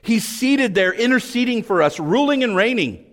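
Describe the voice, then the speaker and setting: A man's voice: animated, normal speed. Fervent male preacher in a reverberant hall. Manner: fervent preaching, swinging from high emphatic peaks to low hushed passages. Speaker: pastor. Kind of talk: sermon.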